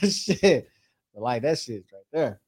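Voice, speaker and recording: A man's voice: mid-range voice, big pitch swings, unhurried, darkish tone, husky. A young man co-hosting a podcast, chatting casually, swearing and laughing as he talks. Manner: laid-back, swears a lot, laughs mid-sentence. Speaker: podcast co-host.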